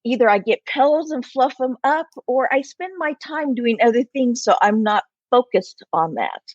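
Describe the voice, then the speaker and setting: A woman in her sixties, an interview guest, telling a personal story in an animated way and acting out the voices in it. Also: on the high side, normal speed, dry recording. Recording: slightly muffled, lo-fi.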